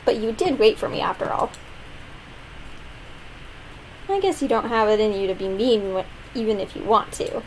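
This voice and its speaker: A woman voicing a bubbly, carefree teenage schoolgirl while reading game dialogue aloud, with a high, drawn-out, sing-song delivery. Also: expressive, darkish tone, a little hiss or hum, close to an everyday voice, poor audio. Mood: teasing.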